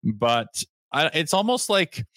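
A man co-hosting a sports podcast in casual chat, talking in an animated way and swearing freely. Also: on the high side, takes it slowly, no room sound, clean studio sound. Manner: animated, swears, acts out players' voices. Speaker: podcast co-host.

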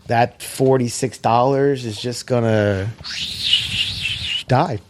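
A man chatting casually on a podcast, telling an animated, profane story and acting out quoted phone calls in a flatter, lower voice. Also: moderate pace, very noisy. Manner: animated storytelling, self-described hothead, profane. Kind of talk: casual chat.

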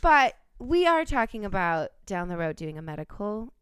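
A woman's voice: mid-range voice, big pitch swings, normal speed, clear, resonant tone, no echo. A woman hosting a casual podcast, reading a listener's story aloud and laughing often.

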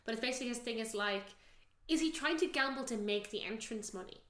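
Bright, blunt woman podcast co-host. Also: on the high side, quick pace. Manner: swears a lot, jokey and blunt. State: on cold medicine. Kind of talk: casual film review chat. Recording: roomy echo.

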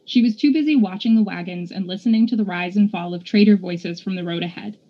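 A woman podcast host reading a storybook aloud with steady, measured narration. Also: medium pitch, dull audio.

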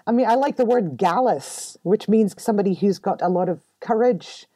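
Brief: middle-aged woman, podcast guest, mellow low voice, American accent with a light Scottish touch, candid and expressive, dry close sound. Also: normal speed, no room sound. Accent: American-tinged English with a light Scottish touch. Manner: candid and expressive, laughs often. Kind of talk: casual interview talk. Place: home room.

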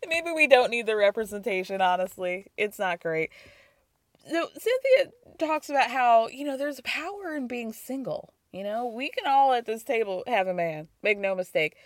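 A woman's voice: fairly high pitch, lively intonation, normal speed, dry recording. A woman hosting a casual recap podcast, gossiping and laughing as she acts out quotes, with a cold. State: has a cold. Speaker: podcast host.

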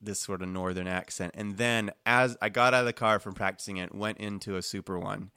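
A man running a tabletop game in a chatty, laid-back way, laughing between descriptions. His voice is bright and forceful and sits fairly low. The sound is dry and close. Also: steady tone, a little fast, clean tone, dry recording. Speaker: game master.

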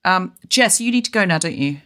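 Brisk woman podcast host. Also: lowish voice, expressive. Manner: brisk, warmly wraps up, plugs the guest's book. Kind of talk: casual remote podcast chat.

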